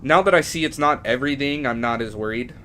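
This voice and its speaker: A man streaming a game live, chatting casually to viewers and getting emotional and excitable, at times nearly shrieking. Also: mid-range voice, fast talker, a little hiss or hum. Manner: emotional, excitable, shifts from calm to near-shrieking.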